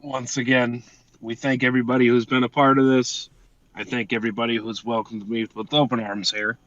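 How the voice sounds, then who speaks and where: A man's voice: mid-range voice, level tone, a little fast, a bit bright, dry recording, dull audio. A man co-hosting a podcast in casual chat, swearing casually as he reads out a list of thanks. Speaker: podcast co-host.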